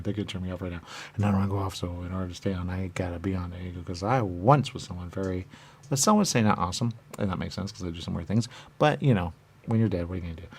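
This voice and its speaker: Deep and slightly rough, this male voice belongs to a radio host spinning a rambling, silly comic monologue. He keeps asking himself questions and answering them, circling back in repetitive loops.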